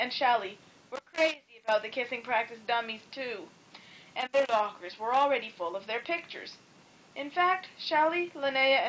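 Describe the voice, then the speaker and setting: A woman reading a children's storybook aloud in a playful, expressive way. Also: fairly high pitch, rough recording. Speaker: storybook reader.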